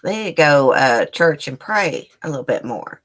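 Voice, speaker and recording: Woman, low voice, bright edge, casual rambling live-stream chat, talks to viewers from home. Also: very animated, moderate pace, a little hiss or hum. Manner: chatty, rambling, addresses chat as y'all. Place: indoors at home.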